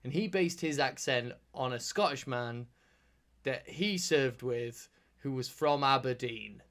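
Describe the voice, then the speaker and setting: A man's voice: medium pitch, a little slow, a bit bright. A man co-hosting a podcast, chatting casually, rambling with restarts and casual swearing. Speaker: podcast co-host. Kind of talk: casual chat.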